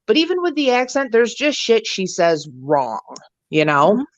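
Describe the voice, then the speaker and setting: A woman co-hosting a livestream chat show, telling gossip in a profane, animated way. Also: on the high side, measured pace, no echo. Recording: dull lo-fi stream audio.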